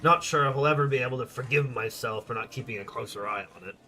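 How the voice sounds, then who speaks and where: Man putting on a bright, folksy Southern tavern keeper. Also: mid-range voice, quick pace. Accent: attempted American Southern drawl. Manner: folksy, chatty, hospitable. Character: jovial village tavern keeper, proud storyteller.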